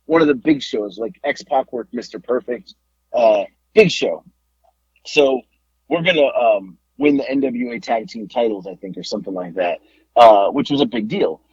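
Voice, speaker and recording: A man co-hosting a podcast, telling a wrestling story in a casual, animated way, laughing and swearing as he goes. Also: medium pitch, gravelly, slightly rough, no room sound, highs cut off.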